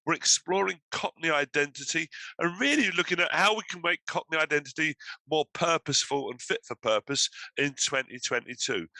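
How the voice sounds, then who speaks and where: Man, panel host, video call, hesitant with fillers, very bright tone, dry. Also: fairly high pitch, dry recording, rough recording. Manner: hesitant, many fillers and restarts. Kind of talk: online panel hosting.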